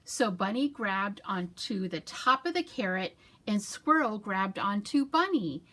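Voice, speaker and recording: A woman's voice: medium pitch, lively intonation, a little slow, a bit bright. A woman children's librarian leading a storytime, reading a story with sound effects and doing hand-motion rhymes.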